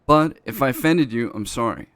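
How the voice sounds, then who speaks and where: A man's voice: medium pitch, lively intonation, moderate pace, a bit bright, no echo, lightly acted. Guy doing a blunt swearing boss, not native english, mid voice, defensive, keeps restarting. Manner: profane, blunt, self-justifying, restarts words. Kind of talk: in-character role-play talk.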